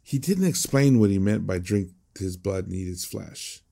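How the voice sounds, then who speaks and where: A man's voice: low-pitched, lively intonation, normal speed, creaky, warm tone. A man preaching a conversational sermon as a pastor, emphatic and prone to repeating words.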